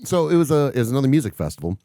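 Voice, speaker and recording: A man's voice: mid-range voice, big pitch swings, very fast, mellow, no echo, clean studio sound. A man co-hosting a podcast, telling a long story in casual chat and swearing freely. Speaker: podcast co-host.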